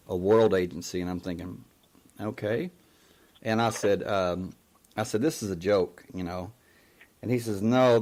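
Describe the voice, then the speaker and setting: A man recounts a strange experience slowly and haltingly, stopping often to restart his sentences. His voice sits low, and his talk drags at an unhurried pace. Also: a little mellow. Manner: slow, halting, many fillers and restarts. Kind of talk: casual storytelling on a live talk show.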